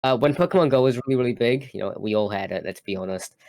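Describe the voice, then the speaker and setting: A man co-hosting a podcast, telling a quick self-mocking story in casual chat and laughing as he goes. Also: mid-range voice, darkish tone, no echo. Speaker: podcast co-host.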